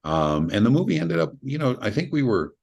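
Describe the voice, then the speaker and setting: A man's voice: fairly quick, gravelly, husky. A middle-aged man, a film director, telling stories in a casual interview, acting out the people he quotes. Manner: animated, acts out quoted voices with big pitch jumps, laughs.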